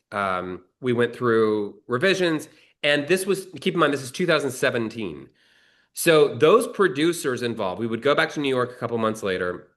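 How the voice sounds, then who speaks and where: A male screenwriter with a medium-pitched, slightly bright voice tells a long anecdote casually and ramblingly. He restarts often and swears now and then.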